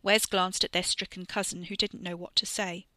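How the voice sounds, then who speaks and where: Bright-voiced woman narrating a story. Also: on the low side, normal speed, dry recording. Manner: expressive reading with voiced characters. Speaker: narrator and author.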